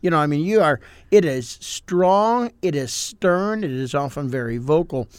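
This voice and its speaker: Brief: older male pastor co-host, higher-pitched voice, dry close sound, acts out quotes. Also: measured pace, clear, resonant tone, no room sound. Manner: explains with acted-out quotes, animated. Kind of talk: casual podcast chat.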